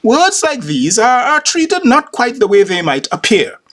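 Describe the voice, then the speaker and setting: A man's voice: very high-pitched, wildly swooping pitch, unhurried, a bit bright, pitched above the performer's own voice, full character voice. A man voicing a gloating young man who lectures a friend and spells words out.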